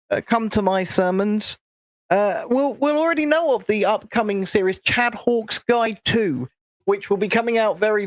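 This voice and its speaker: A pompous self-styled guru of the people, as a man puts him on, speaking in a fairly high voice with a straight, deadpan delivery. He refers to himself in the third person. The voice is dry and close, with no room around it, heard over a video call. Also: dry recording. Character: self-important male internet guru, grandiose. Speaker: co-host playing a persona. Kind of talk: comedic livestream chat.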